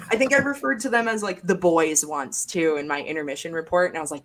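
A young woman hosting a sports podcast over a remote call, chatting casually with quick asides and frequent laughs. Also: low voice, fairly bright tone. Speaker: podcast host.

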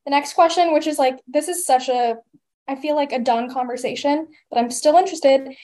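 A woman's voice: high-pitched, fairly quick, dark tone. A young woman in her twenties hosting a podcast, gushing and affectionate as she reads a listener's question over a video call. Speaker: podcast host. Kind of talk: casual chat.

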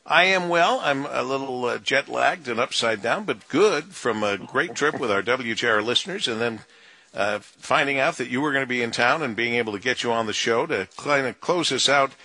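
A male radio talk show host interviewing a guest in an upbeat, chatty way with filler pauses. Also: medium pitch, animated, sharp tone, dry recording.

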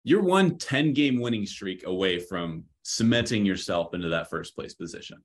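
Male sports co-host, low pitch, animated intonation, teasing tone. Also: moderate pace. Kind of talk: casual sports chat.

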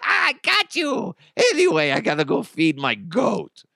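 A giggling prankster squeals in a squeaky, very high falsetto, loud and drawn out. It is recorded close and dry. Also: male voice, huge pitch swings, measured pace, vocal fry, no echo, heavily acted. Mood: gleeful.

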